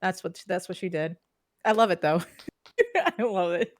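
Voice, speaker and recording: Streaming live through a podcast microphone, a female co-host laughs a lot and acts out quoted phrases in a casual chat. She speaks at normal speed in a lowish voice, and the recording is dry.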